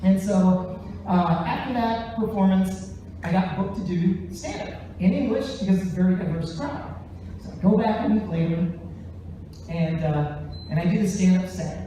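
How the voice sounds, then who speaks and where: Male stand-up comic telling a story on stage, animated, very echoey theater, distant mic. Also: high-pitched, normal speed, a little hiss or hum. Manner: animated, jumps into voices. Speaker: stand-up comedian and musician. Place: large theater stage, live show.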